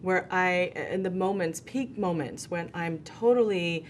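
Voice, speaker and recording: A woman on a talk show panel, sharing her own experience in a reflective way and pausing to search for words. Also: on the low side, a little hiss or hum.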